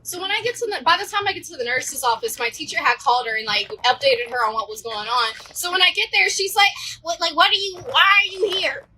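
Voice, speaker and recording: A woman's voice: extremely high pitch, fast talker, few pauses, sharp tone, a little hiss or hum, low-quality recording. A young woman casually telling a story to her viewers, animatedly acting out what the people in it said. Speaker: storyteller vlogger.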